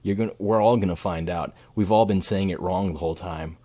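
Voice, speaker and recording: A man's voice: deep voice, a little fast, warm tone, a little hiss or hum. A man streaming casual reaction commentary, cracking crude jokes and laughing often.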